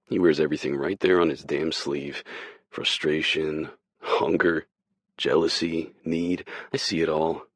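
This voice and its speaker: A man's voice: rumbling low, little pitch movement, measured pace, fairly bright tone, no room sound, studio quality. A man narrating a romance audiobook in first person, wry and brooding.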